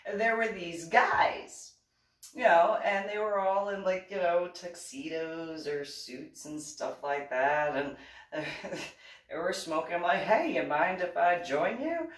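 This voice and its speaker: A woman's voice: on the low side, fairly even intonation, takes it slowly. Woman, East Coast American accent, casual storyteller who laughs often and mimics others; distant mic, reverberant room. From East Coast of the United States. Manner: chatty, laughs often, acts out quoted voices. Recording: echoey room, set back from the mic.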